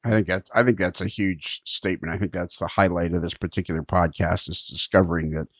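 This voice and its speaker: A man's voice: sits low, fairly even intonation, fairly quick, dry recording. A man hosting a podcast in casual conversation, rambling a little and chuckling as he tells stories. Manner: rambling, searching for words, chuckles while telling stories. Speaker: podcast host.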